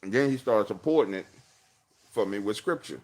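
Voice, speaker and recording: Man telling a story from his car, slangy and animated, acts out every line, low pitch with big swings. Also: moderate pace. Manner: slangy, acts out dialogue, laughs often. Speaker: livestream host.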